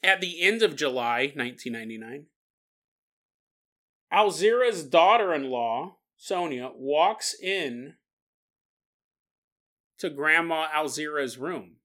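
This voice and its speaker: A man's voice: on the high side, animated, takes it slowly, long pauses, a bit bright. A man hosting a podcast, telling a strange story in a casual, jokey way and laughing often. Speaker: podcast host.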